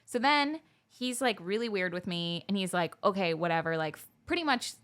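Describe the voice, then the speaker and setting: Young woman, podcast co-host, casual chat, animated storytelling. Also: mid-range voice, moderate pace. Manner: animated, acts out quoted dialogue.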